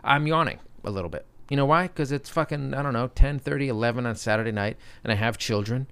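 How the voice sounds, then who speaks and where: A man's voice: mid-range voice, quick pace, fairly bright tone, clear, resonant tone, no echo. A man in his thirties telling stories in a casual, joking chat, swearing freely as a podcast co-host. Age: 30s. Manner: loose, swears freely, jokey storytelling.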